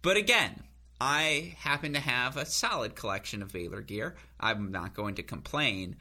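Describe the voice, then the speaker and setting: A man co-hosting a podcast, telling rambling self-mocking stories with bursts of high laughter. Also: expressive, moderate pace, sharp tone. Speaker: podcast co-host. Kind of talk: casual chat.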